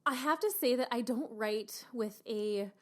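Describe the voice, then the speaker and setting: A woman author from Canada, talking in an animated, expressive way about her book in a radio interview. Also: fairly high pitch, unhurried. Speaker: author guest.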